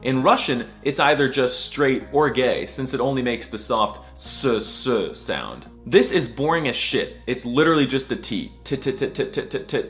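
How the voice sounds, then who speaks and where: Animated man joking through an alphabet lesson. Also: mid-range voice, moderate pace, hardly any pauses, soft background music. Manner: exaggerated mock-serious delivery with sudden squeals. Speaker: comedy language tutor.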